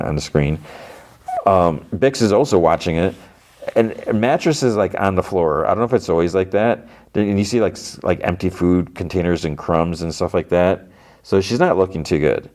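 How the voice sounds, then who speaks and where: A man's voice: low-pitched, darkish tone. A man hosting a podcast, casually retelling a TV episode scene by scene, with lots of fillers and restarts. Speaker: podcast host.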